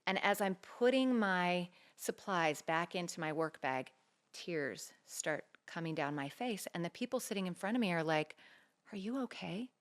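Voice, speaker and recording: A middle-aged woman co-hosting a talk show, a podcast co-host, tells a personal story earnestly in casual chat, animatedly acting out the quoted dialogue as she goes. Her voice is on the low side, at a moderate pace.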